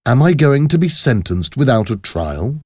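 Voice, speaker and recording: A man's voice: mid-range voice, very animated, moderate pace, a little mellow, no echo, studio quality, pitched above the performer's own voice. A man voicing a frightened young male aristocrat who pleads his innocence in a storybook reading. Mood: pleading. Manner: anxious, protesting.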